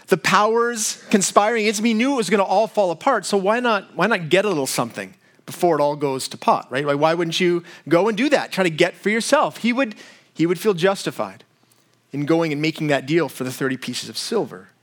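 Conversational male preacher, slightly high voice. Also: animated, a bit bright. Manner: conversational, retells a comedy sketch with quick voice shifts. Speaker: pastor. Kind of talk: sermon.

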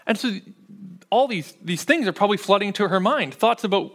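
A man with a high, animated voice and a fairly bright tone preaches a sermon as a pastor, speaking fairly quickly. His style is conversational, and he keeps checking in with listeners, often tossing in "right?"

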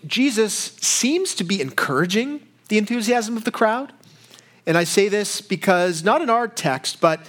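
A man preaching a sermon in a conversational way, often asking rhetorical questions. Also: high voice. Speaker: pastor.

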